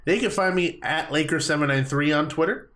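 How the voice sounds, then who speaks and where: A young man co-hosting a casual podcast, chatty and quick to laugh, often stumbling over his words. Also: fairly high pitch, fairly bright tone. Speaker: podcast co-host.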